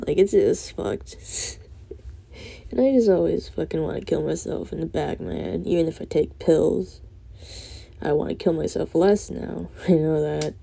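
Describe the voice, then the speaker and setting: A drowsy young woman ranting late at night, rambling and swearing with soft laughs breaking in. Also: low-pitched, unhurried, gravelly, pauses often, slightly rough. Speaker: vlogger.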